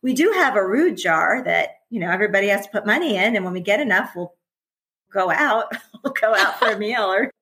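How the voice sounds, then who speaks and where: A woman's voice: medium pitch, lively intonation, brisk, bright, forceful tone, poor audio. Candid, chatty woman in her forties. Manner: candid and chatty, often laughing, with many restarts. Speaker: podcast guest, former teacher and parent. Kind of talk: casual conversational interview.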